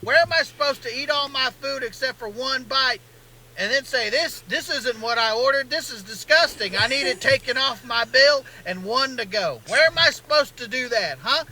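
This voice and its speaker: A man's voice: extremely high pitch, normal speed, sharp tone, full character voice, rough recording. A man doing a ranting Southern good ol' boy. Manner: indignant rant, folksy drawl. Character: grumbling Southern man mourning his restaurant. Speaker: comedian in a satirical clip.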